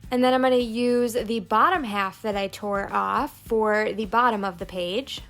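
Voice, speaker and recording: A woman narrating a plan-with-me planner video, calmly explaining each crafting step. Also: on the high side, unhurried. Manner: calm step-by-step crafting walkthrough. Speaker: planner vlogger. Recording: soft background music.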